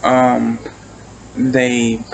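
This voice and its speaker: A man's voice: medium pitch, completely flat delivery, very slow, gravelly, a little hiss or hum, low-quality recording. A man casually recapping and reviewing a TV episode. He rambles, restarts often and swears casually.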